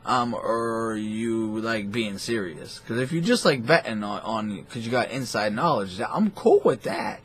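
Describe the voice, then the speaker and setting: A man's voice: mid-range voice, a little slow, few pauses, slightly rough. A man hosting a boxing talk show, ranting in a profane, rambling and scornful way. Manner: foul-mouthed, animated, scornful.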